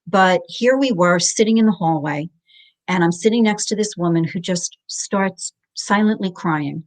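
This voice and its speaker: A woman's voice: lowish voice, a little slow. A middle-aged woman, a guest in an interview, explaining divorce finances methodically and spelling out jargon step by step.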